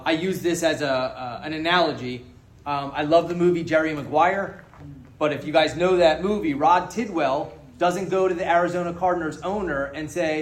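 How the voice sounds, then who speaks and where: A man sharing his story at a recovery meeting, frank and joking, swearing freely as he speaks to the group. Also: a little high. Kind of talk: candid personal testimony to a group. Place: meeting room with an audience. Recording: roomy hall echo.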